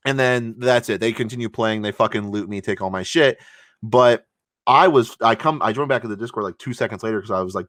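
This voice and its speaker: A man's voice: fairly low pitch, moderate pace, fairly bright tone, no echo. Profane, fired-up man in a dry room. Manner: heated, profane ranting retelling. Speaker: podcast co-host. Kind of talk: casual chat.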